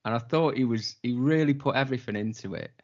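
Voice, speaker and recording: A man's voice: medium pitch, fast. A man chatting casually on a podcast as a co-host, wry and laid-back, with some swearing. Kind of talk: casual chat. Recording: dull lo-fi sound.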